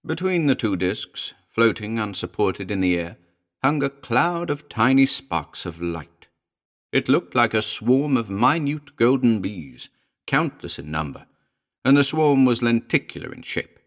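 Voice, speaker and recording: A man's voice: mid-range voice, big pitch swings, unhurried. Man narrating a weird tale. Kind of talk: audiobook narration.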